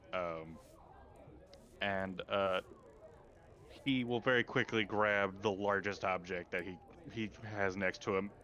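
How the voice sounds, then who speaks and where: Lowish voiced dude playing a tabletop rpg, laughs a lot, muffled mic. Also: male voice. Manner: laughing, animated in describing actions. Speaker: tabletop game player. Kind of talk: casual game chat.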